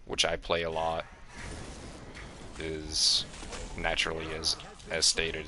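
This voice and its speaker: A young man explaining a game plainly and calmly while streaming it. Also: a bass voice, slow. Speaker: gaming streamer.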